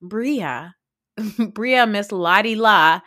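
A woman hosts a casual podcast chat, laughing through her lines and swearing freely with excitable energy. Her voice sits at an ordinary middle pitch. The recording is dry and close, with no room sound. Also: very slow, dry recording. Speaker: podcast host. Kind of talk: casual reality TV recap.

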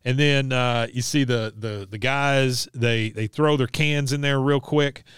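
A man's voice: mid-range voice, fairly even intonation, a little slow, a bit bright, clean tone, no room sound, clean studio sound. A man co-hosting a podcast, casually retelling scenes with hesitant fillers and little chuckles. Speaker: podcast co-host. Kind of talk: casual episode recap chat.

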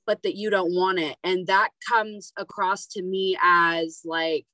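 Gentle woman host, dry sound. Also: on the low side, fairly even intonation, measured pace, no room sound, poor audio. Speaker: podcast host. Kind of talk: casual interview chat.

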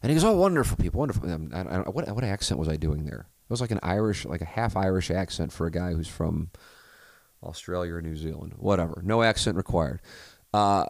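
Low voiced guy hosting a podcast, rambles and swears a lot, dry sound. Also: brisk, gravelly, dry recording. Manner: rambling, profane, self-correcting. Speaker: podcast host. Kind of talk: casual chat.

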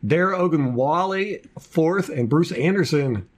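A man's voice: on the high side, animated, measured pace. A man co-hosting a casual sports podcast, running through a team depth chart with jokey asides. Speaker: podcast co-host.

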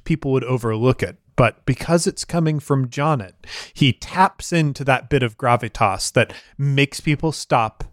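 A man running a tabletop game as game master, his voice sitting in an ordinary middle pitch. He paints scenes like film shots, loosely and conversationally, with plenty of fillers. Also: no echo, studio quality. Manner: descriptive, cinematic narration with many fillers.

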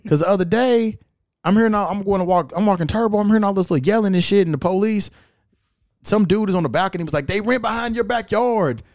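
Man, podcast host, high voice, dry close sound, casual profane storytelling. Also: quick pace, no room sound. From California. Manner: profane, animated storytelling with acted-out quotes.

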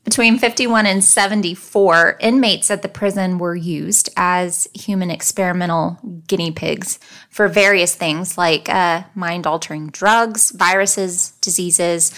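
A woman hosting a true-crime podcast in casual chat, talkative and quick to laugh. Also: on the low side, fairly bright tone. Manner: chatty, digresses, laughs easily. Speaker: podcast host.

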